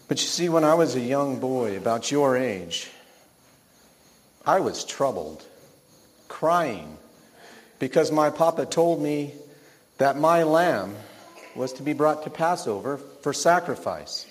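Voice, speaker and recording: A middle-aged man playing a shepherd father, gently telling his son a story in a scripted monologue. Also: mid-range voice, big pitch swings, slow pace, long pauses, long reverb tail.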